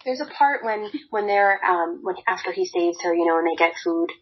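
A woman's voice: lowish voice, fairly quick, breathy edge, highs cut off. A woman co-hosting a podcast, recapping a book in casual chat with blunt, profane, exasperated rants. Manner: blunt, swears freely, exasperated ranting. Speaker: podcast co-host.

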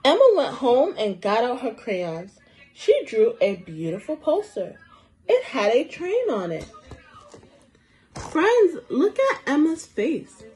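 A young woman teacher reading a storybook aloud to small children, slow and encouraging, asking them questions as she goes. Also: high-pitched, huge pitch swings, a little mellow, soft background music, low-quality recording. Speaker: preschool teacher.

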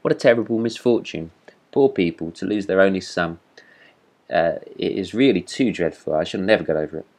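A man's voice: deep voice, brisk, darkish tone. A man doing a pompous, vain firework rocket. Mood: indignant. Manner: haughty, self-important, indignant.

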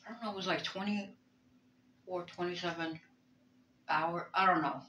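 A Brooklyn woman rambles through a personal vlog from her bedroom, her voice on the low side, bright and forceful, with fairly even intonation and a moderate pace. She is emotional and reflective, hesitating often with many fillers and restarts. The recording carries a roomy bedroom echo and slight background noise.

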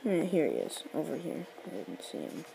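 A woman's voice: low-pitched, wildly swooping pitch, moderate pace, creaky, background noise. A woman giving casual game commentary as the host of a gameplay tutorial, explaining each step while she rambles and corrects herself.

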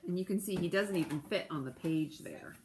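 A woman's voice: lowish voice, fairly quick, darkish tone. A woman library storyteller reading a picture book aloud to children, with chatty asides to her young listeners.

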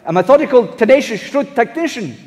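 A man's voice: extremely high pitch, expressive, brisk, background noise. A man impersonating an earnest German football coach with a German accent, speaking broken English on a live stage. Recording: live hall with audience.

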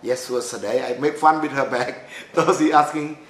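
A middle-aged man from Cambodia with a Cambodian accent, telling his life story in halting non-native English full of restarts. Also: a little high, fairly even intonation, a bit bright. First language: Khmer. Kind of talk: personal storytelling talk. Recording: echoey room with faint noise.

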